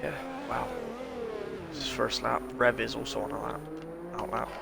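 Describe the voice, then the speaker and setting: A man doing live play-by-play commentary on a sim racing league, quick and chatty as he tracks the cars. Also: medium pitch, fairly even intonation, vocal fry, pushed and bright, a little hiss or hum.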